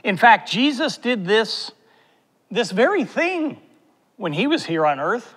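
A man's voice: high voice, very animated, slow, a bit bright, husky, full character voice. A man voicing a cheerful, wise male puppet in a children's church skit, bouncy and reassuring. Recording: long hall reverb.

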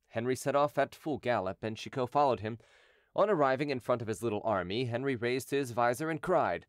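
A man reading an audiobook in a steady, measured narration. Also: medium pitch, dry recording, studio quality. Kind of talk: scripted narration.

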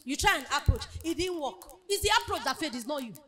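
A woman's voice: sits high, expressive, fast talker, a bit bright. A woman giving an emphatic motivational sermon at a conference, acting out the voices of the people in her stories. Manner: emphatic preaching, acts out quoted voices. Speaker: speaker at a women's conference.

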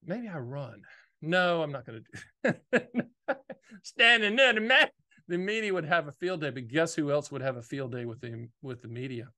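A man, hosting a casual video monologue about annuities, talking fast in a folksy, emphatic way. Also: a little high, expressive, pushed and bright. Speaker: annuity agent and show host.

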